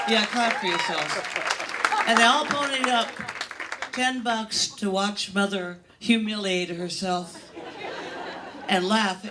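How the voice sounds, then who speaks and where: A woman's voice: mid-range voice, fairly bright tone. An older woman performing a stand-up comedy routine on a comedy club stage, telling bawdy, self-mocking stories in a brash way.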